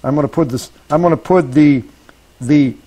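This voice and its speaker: Fairly high-pitched and dark in tone, this man talks at a moderate pace on a rough recording, with faint noise behind him. During his live woodworking demonstration he speaks while working, restarts phrases to correct himself, and asks the room for checks.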